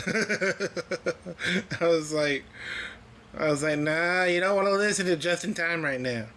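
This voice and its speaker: A man hosting a music reaction video, talking in an excited, earnest and chatty way as he tells stories between tracks. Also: a little high, a little hiss or hum. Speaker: music reaction channel host. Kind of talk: casual reaction commentary.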